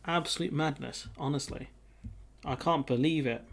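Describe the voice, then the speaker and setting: A man's voice: a little high, normal speed, gravelly. Man chatting on a live stream. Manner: chatty, reads viewer comments aloud, runs polls. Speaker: livestream host. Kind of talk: casual live-stream chat.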